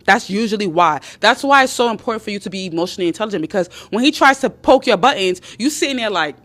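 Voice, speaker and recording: A woman hosting a live stream, giving casual dating advice to her viewers in an emphatic, animated way, repeating herself and swearing freely. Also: medium pitch, quick pace.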